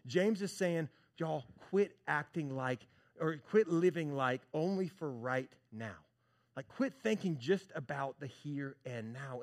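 A pastor delivering a sermon, his voice sitting a touch high for a man. He talks to the congregation like friends, then drops to a hush or climbs into loud, animated bursts. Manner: animated preaching, swings from hushed to loud; conversational, addresses congregation as church and y'all.

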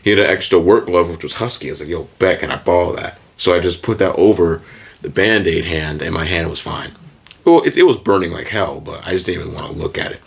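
Young man, podcast co-host, low voice, clowning, loud, animated, swears freely, casual banter. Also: quick pace, vocal fry, breathy edge.

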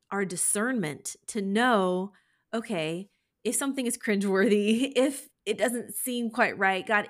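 Encouraging woman podcast host. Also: mid-range voice. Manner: encouraging, warm-hearted exhortation. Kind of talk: faith podcast conversation.

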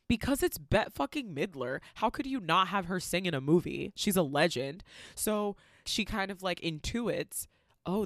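A woman co-hosting a casual podcast, recapping a movie in a profane, animated, theatrical way. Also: lowish voice, unhurried, no room sound, studio quality. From Latin American heritage. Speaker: podcast co-host.

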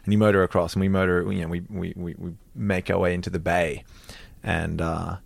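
A young man co-hosting a podcast, telling a travel story in a relaxed way, stumbling and adding details. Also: deep voice, fairly quick, gravelly, no room sound. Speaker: podcast co-host. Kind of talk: casual storytelling chat.

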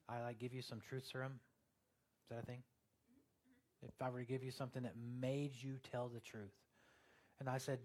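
A man's voice: mid-range voice, a little mellow. A male pastor preaching a sermon in a conversational way, turning earnest and emphatic, with joking asides to the congregation.

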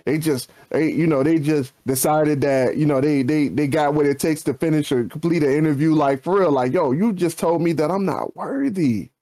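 A man's voice: fairly high pitch, normal speed, few pauses, mellow. A man, co-hosting a casual podcast and ranting with slang, his voice leaping up for emphasis. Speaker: podcast co-host.

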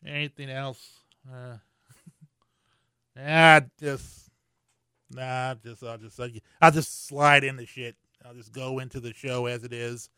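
A man's voice: mid-range voice, steady tone, slow pace, pushed and bright, clear, resonant tone, dry recording, clean studio sound. A man hosting a podcast alone, talking in a casual, rambling way with many fillers and restarts, getting worked up as he tells a story. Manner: gets worked up while telling an annoying story. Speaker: podcast host.

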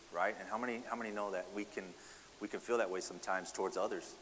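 A man's voice: lowish voice, steady tone, quick pace, a bit bright, in a large hall, a little hiss or hum. A man preaching a sermon, asking the congregation rhetorical questions and often adding "right?". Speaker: pastor.

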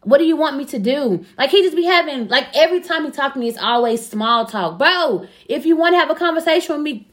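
A woman's voice: sits high, lively intonation, fast, few pauses, a bit bright. A young woman telling personal stories in casual chat, blunt and profane, often laughing. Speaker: podcast guest.

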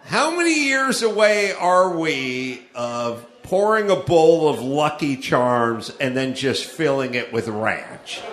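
A man's voice: on the high side, animated, slow, hardly any pauses, a bit bright. A middle-aged man from Los Angeles hosting a live comedy show, riffing and acting out the people he quotes. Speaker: podcast host. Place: comedy club stage. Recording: roomy live club sound.

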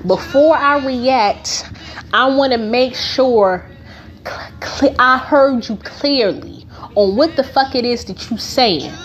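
A woman's voice: sits high, slow, muffled recording. A woman podcast host telling a personal story in a blunt, heavily profane, emphatic way.

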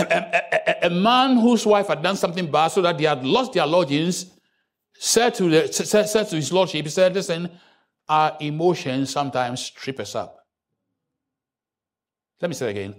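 With a high voice, a man preaches in church, trading jokes with the congregation. His sermon keeps breaking into sudden loud rises.

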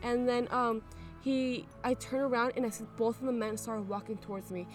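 A young woman co-hosting a podcast, telling a story in a hesitant, low-key way full of fillers, recorded outdoors at night. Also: fairly even intonation, normal speed, over music. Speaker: podcast co-host. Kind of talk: casual storytelling chat. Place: outdoors at an abandoned aqueduct at night.

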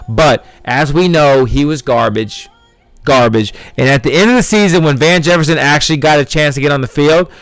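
A brash man hosts his podcast, hammering his points home, repeating himself and swearing freely. His voice sits fairly high and sounds smooth and clean. He is recorded close and dry, with no room sound. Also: fairly bright tone, dry recording, rough recording. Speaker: fantasy football podcast host. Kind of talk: podcast monologue.

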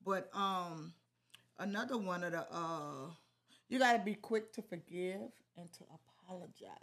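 A woman's voice: on the low side, measured pace, a bit bright. A woman co-hosting a casual marriage talk with her husband, teasing and scolding him and laughing. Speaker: co-host giving marriage advice. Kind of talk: casual chat.

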